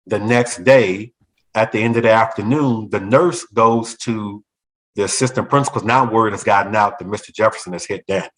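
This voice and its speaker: Male, former principal recounting a personal story in conversation; animated delivery, mid-range voice, slips into others' voices. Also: lowish voice, low-quality recording. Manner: animated, acts out other people's voices in quotes. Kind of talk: storytelling in a talk show conversation.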